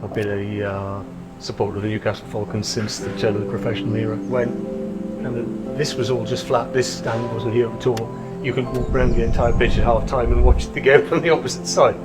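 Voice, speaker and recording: An older man, a rugby fan remembering his father in a documentary interview, speaking reflectively with many pauses and fillers. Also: mid-range voice, level tone, over music, rough recording.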